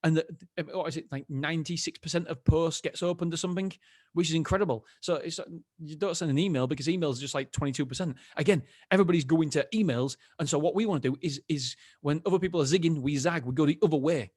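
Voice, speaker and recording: A man's voice: a little high, fast, a little mellow, dry recording, clean studio sound. A man hosting a solo podcast, talking casually in a candid, rambling way that keeps stopping and restarting. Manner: rambling, candid, self-interrupting with frequent restarts. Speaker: podcast host.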